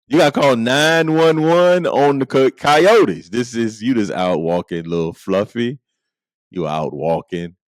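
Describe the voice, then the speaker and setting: A man's voice: mid-range voice, no echo. A middle-aged man hosting a podcast, joking through a comedic monologue with playful asides and frequent laughter. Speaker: podcast host.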